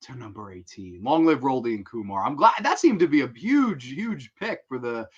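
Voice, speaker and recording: A man hosting a casual livestream, excitable and profane, laughing often as he talks. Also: medium pitch, normal speed, breathy edge, highs cut off. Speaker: livestream host.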